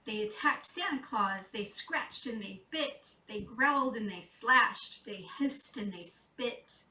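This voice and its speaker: A woman's voice: fairly high pitch, animated, slow pace, bright, forceful tone, distant mic. A woman reading a rhyming Christmas storybook aloud in a playful, sing-song rhythm. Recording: echoey room, off mic.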